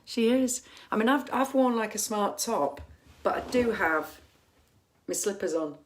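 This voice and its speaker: A woman's voice: medium pitch, lively intonation, a little slow, slight background noise. A woman hosting a casual fan livestream from home on her phone camera, chatty and rambling with lots of ums and restarts.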